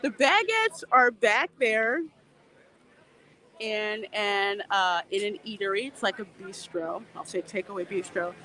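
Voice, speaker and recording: A woman's voice: medium pitch, expressive, unhurried, sharp tone. A woman livestreaming outdoors from a theme park on a handheld phone, chatting casually, laughing often and reading viewer comments aloud. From Louisiana.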